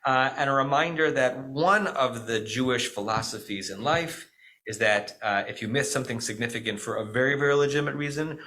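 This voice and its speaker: A middle-aged American rabbi delivers a Shabbat teaching in a bright, forceful, middle-pitched voice at a brisk pace. His style is conversational, with frequent "right?" check-ins and mid-sentence self-corrections. The recording is rough.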